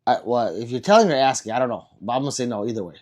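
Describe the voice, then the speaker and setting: A man hosts a casual livestream, reading out viewer comments and replying as he goes. He talks in a rambling, self-deprecating way, stumbling and restarting often, with a voice of ordinary middle pitch. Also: expressive, rapid-fire, a little mellow. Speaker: livestream host.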